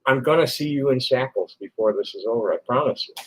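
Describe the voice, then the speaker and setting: A man in his sixties ranting to camera, combative and constantly swearing, now and then flaring into shouts. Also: medium pitch, fast. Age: 60s. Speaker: vlogger answering online critics. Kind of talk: angry profane rant to camera.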